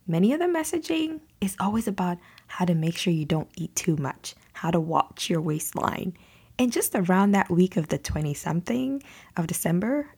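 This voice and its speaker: A woman's voice: lowish voice, creaky, a little mellow, breathy edge. A woman hosting a solo podcast, talking in an earnest, conversational and reassuring way. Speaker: podcast host.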